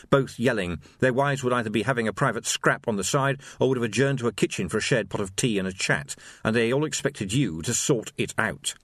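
A man narrating an audiobook in an expressive, wry storytelling voice. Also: medium pitch, husky, no room sound, clean studio sound. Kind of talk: scripted narration.

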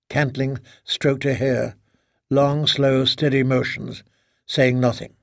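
Gravelly male audiobook narrator. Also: mid-range voice, no room sound, studio quality. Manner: measured, even storytelling. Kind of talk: scripted narration.

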